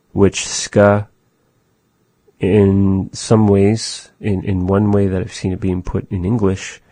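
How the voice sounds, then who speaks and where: Slow, deep-voiced man teaching a language. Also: warm tone, no echo. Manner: thoughtful, halting, searching for words. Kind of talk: slow spoken language lesson.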